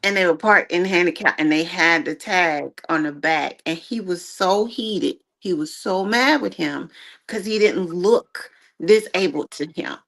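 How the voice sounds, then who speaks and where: A woman's voice: lowish voice, measured pace, gravelly, fairly bright tone. A woman co-hosting a casual podcast chat, speaking emphatically and with strong opinions. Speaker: podcast co-host.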